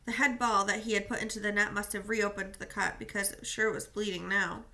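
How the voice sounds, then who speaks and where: Female audiobook reader, sharp bright tone, steady first-person narration. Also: mid-range voice, fairly quick. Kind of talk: reading a novel aloud.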